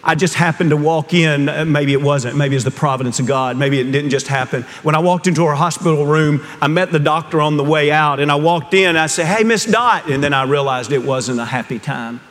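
Storytelling preacher in a reverberant hall. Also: male voice, a little high, steady tone, brisk, few pauses. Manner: storytelling, swings from hushed to rising fervor. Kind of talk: sermon.

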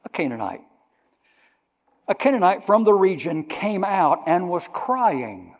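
An older male preacher delivers a sermon with emphatic, drawn-out phrasing, unpacking Greek words as he goes. His voice sits a little high for a man and carries the long reverb of a church sanctuary. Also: sing-song.

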